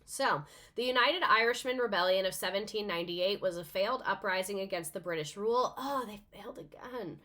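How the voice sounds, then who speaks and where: A woman's voice: medium pitch, brisk, sharp tone. A young adult woman, a teacher, reading a text aloud in a casual way and breaking off for chatty, sarcastic comments with plenty of swearing.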